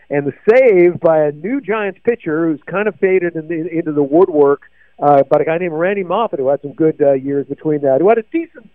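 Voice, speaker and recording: A man's voice: fairly high pitch, no room sound. Host, older man, digressive reminiscing chat, dry and tinny phone-like audio. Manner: digressive, many fillers and restarts. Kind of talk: rambling sports memories chat.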